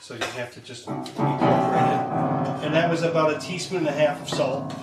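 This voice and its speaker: An easygoing man with a higher voice asks questions while helping cook. He is heard off-mic in an echoey room, with loud music playing. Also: normal speed, distant mic. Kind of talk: casual chat while cooking.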